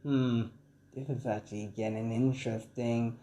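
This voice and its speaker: Man voicing an aloof teen boy hero, cold, flat and dismissive, mellow voice, fan audio story. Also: a little high, unhurried.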